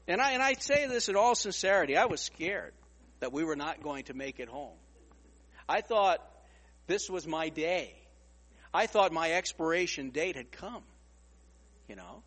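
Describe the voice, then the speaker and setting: A man's voice: high voice, expressive, measured pace, long pauses, a bit bright, long reverb tail. A man preaching a storytelling sermon, repeating words as he goes and acting out other people's lines.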